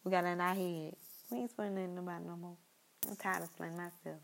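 A woman's voice: lowish voice, steady tone, rapid-fire, gravelly, a little hiss or hum, low-quality recording. A young woman talking in a casual, rambling monologue, repeating herself and speaking straight to her listeners.

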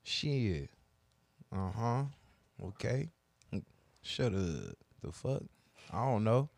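Casting note: brash male co-host, animated pitch, dry close mic, jokey and crude. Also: very slow, vocal fry, dry recording. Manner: teasing, loud, crude banter. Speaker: podcast co-host. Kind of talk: casual chat.

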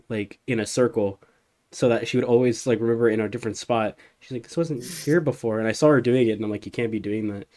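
A man's voice: mid-range voice, mellow. A young man co-hosting a podcast, telling a loose, rambling story in casual chat and laughing along with it. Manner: laughs through his own stories, loose and rambling. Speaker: podcast co-host.

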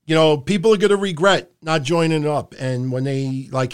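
A man's voice: on the high side, brisk, hardly any pauses, smooth. A middle-aged man hosting a live stream, talking in a loose, rambling and profane way from a room at home. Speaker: podcast host. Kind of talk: casual live-stream commentary. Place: home room under hot lights.

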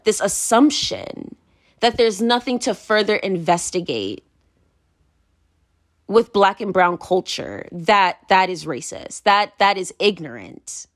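A woman delivering a casual solo rant, blunt and full of swearing. Her pitch swings widely and animatedly, and she laughs and circles back on herself as she talks. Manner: blunt, profane, animated, laughs often, repeats "moving on".

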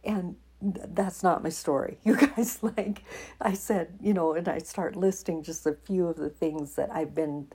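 A woman hosts her podcast, telling a personal faith story with plenty of emotion and frequent laughter. Her voice sits on the low side and sounds warm and a little husky. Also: fairly even intonation, a little slow. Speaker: podcast host.

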